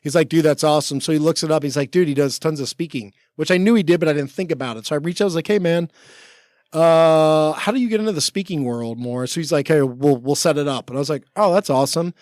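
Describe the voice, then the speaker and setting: Man with a higher voice telling rambling stories. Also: fast, a little mellow, no room sound, clean studio sound. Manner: rambling, full of 'like', acts out quoted talk. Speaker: podcast guest, former Navy SEAL. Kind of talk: casual storytelling chat. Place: podcast studio.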